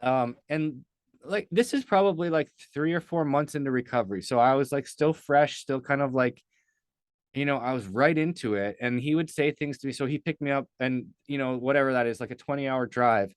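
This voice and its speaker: A man's voice: mid-range voice, a little fast, clean tone, dry recording. A man talking as a podcast guest, telling a personal story in an earnest, rambling way with lots of fillers. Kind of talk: casual storytelling in a podcast interview.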